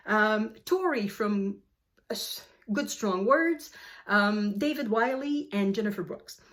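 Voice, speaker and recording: A woman with a French accent chatting casually about her reading plans, a little out of breath, often correcting herself and filling pauses with ums. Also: medium pitch. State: slightly out of breath. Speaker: book vlogger. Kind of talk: casual book chat to camera.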